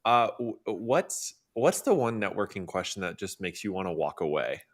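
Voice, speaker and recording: A man hosting a casual panel talk, upbeat and quick to laugh. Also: sits low, expressive. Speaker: show host.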